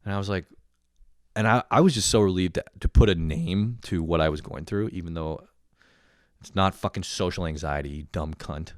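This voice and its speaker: A young man ranting in a loose, swear-heavy stream that keeps circling back on itself. His voice sits a bit low, and the sound is dry and close with almost no room around it. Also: normal speed, dry recording. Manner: profane, rambling, self-deprecating. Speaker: vlogger. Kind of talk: casual rant.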